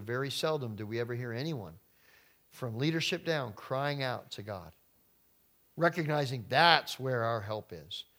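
A man preaching a sermon, reading scripture aloud and breaking in with lively rhetorical questions. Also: mid-range voice. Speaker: pastor.

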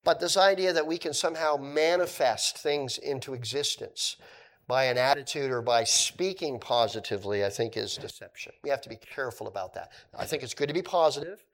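A male pastor preaching a sermon in a conversational way, moving between emphatic points and quiet asides. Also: mid-range voice, fairly quick.

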